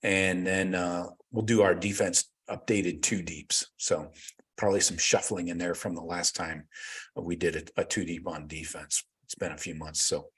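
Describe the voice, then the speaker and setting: A man with a low, deep voice hosting a casual live show. He rambles through viewer comments in a relaxed, loose way, with plenty of fillers and the odd swear word. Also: moderate pace, slightly rough. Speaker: podcast host reading live chat. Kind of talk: casual livestream chat.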